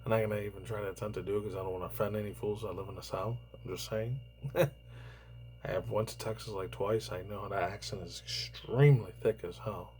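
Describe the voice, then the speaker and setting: Rambling, profane, low-voiced man. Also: fairly quick, darkish tone, a little hiss or hum, rough recording. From New York. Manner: rambling, profane, heavy on fillers. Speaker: YouTuber reacting to news. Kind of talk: casual rambling commentary.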